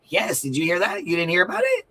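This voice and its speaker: A man's voice: high-pitched, huge pitch swings, fast, bright, forceful tone, poor audio. A man giving blunt, profane livestream commentary, reading out viewer comments and repeating his points for emphasis.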